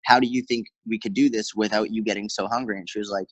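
A man's voice: fairly low pitch, no room sound, rough recording. A man, a fitness coach, talking casually in an interview, telling stories with quoted dialogue and lots of fillers. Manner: fast, animated storyteller with many fillers and quoted dialogue. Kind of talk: conversational interview.

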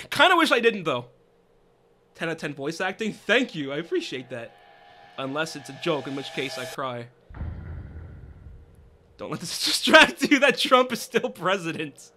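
A man's voice: a little high, sing-song, measured pace, pauses often, bright, forceful tone, slight background noise. Reactive young man streaming a game. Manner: reactive, swearing, laughs often. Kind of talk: let's play commentary.

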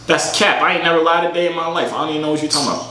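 A man's voice: a little high, steady tone, racing. A young man vlogging and chatting with strangers online, joking and teasing in slang. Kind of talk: casual prank chat. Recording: echoey room with faint noise.

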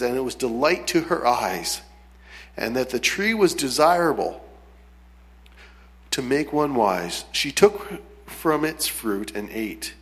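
A man preaching a sermon to his congregation as pastor, reading scripture and asking the room questions. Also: mid-range voice. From Canada. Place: church hall with long reverb. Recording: reverberant church hall.

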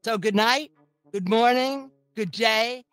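A woman's voice: fairly high pitch, takes it slowly, a bit bright, smooth, dry recording, low-quality recording. A middle-aged woman performing a teasing, sardonic stand-up comedy set as host. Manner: sardonic, teasing, mock-sweet asides.

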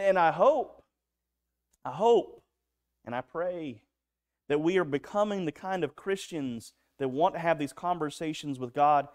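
A man's voice: a little high, clear, resonant tone. A man preaching a sermon in a church, telling stories in an earnest way with frequent restarts. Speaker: pastor. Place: church sanctuary.

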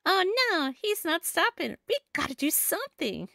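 A woman's voice: very high-pitched, very animated, normal speed, gravelly, bright, forceful tone, no echo, studio quality, soft background music, voice pushed up, heavily acted. A woman voicing an anxious, chatty young cloud boy from a game. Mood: worried. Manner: worried and urgent. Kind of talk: reading game dialogue aloud.

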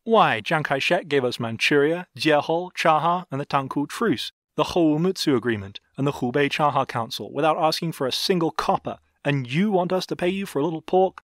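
A man's voice: normal speed, hardly any pauses, a bit bright, dry recording, clean studio sound, close to an everyday voice. A man narrating an audiobook voices a sneering male officer who mocks a peddler. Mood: mocking. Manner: incredulous, mocking, rising pitch.

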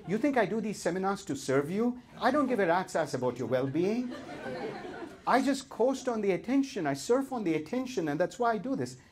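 Leading a live seminar, a middle-aged man with an Indian accent talks a little fast in a high voice full of big pitch swings. He mocks himself playfully and addresses the crowd directly.

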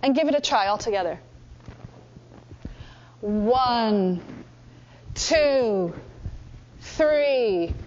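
High-voiced woman coaching a workshop. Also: drawn-out words, long pauses, a little hiss or hum. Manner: energetic, coaching, demonstrates with exaggerated voices. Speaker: workshop instructor. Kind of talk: lively teaching workshop. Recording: dull lo-fi room recording.

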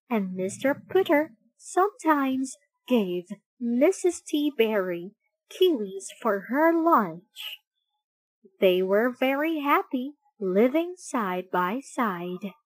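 Slow, expressive woman reading a picture book. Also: fairly high pitch, no echo, poor audio. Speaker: storybook reader.

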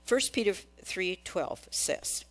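Woman preaching a sermon, low voice. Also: big pitch swings, takes it slowly. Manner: questions the congregation, acts out quotes. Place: church.

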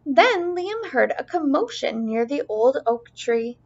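Brief: bright-voiced woman teacher doing a lively storybook read-aloud, a bit gravelly, on a dull recording. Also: high-pitched, unhurried. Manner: expressive, sing-song.

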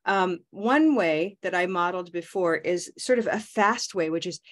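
A woman teaching English pronunciation on a video call, modeling words slowly and repeating them. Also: fairly low pitch, expressive. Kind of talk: online pronunciation lesson.

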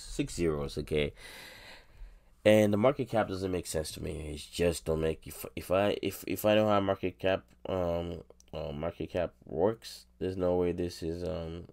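A man's voice: low-pitched, vocal fry, a little mellow. A man reviewing a crypto token in casual solo commentary, rambling with slang, repeating himself and laughing.

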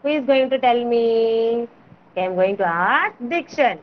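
Woman, kindergarten teacher, online class, coaxing, repeats words, slow, muffled video call audio. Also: a little high, expressive, a little hiss or hum. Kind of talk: online class teaching letter sounds to small children.

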